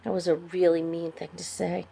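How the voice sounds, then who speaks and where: A woman's voice: fairly low pitch, level tone, moderate pace, creaky, mellow, husky. Woman reading a children's story. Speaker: narrator. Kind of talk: scripted narration.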